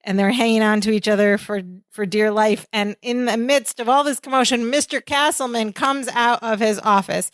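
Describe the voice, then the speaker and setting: A woman co-hosting a podcast gives a casual, animated play-by-play recap of a sitcom episode, acting out the characters' lines. Her voice is on the high side, at a moderate pace with few pauses, and there's no echo.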